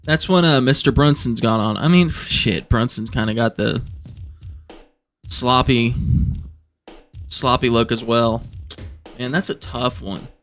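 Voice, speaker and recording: A man's voice: medium pitch, measured pace, long pauses, fairly bright tone, faint music behind. A man doing joking casual commentary as a vlogger, rambling, profane and amused at himself.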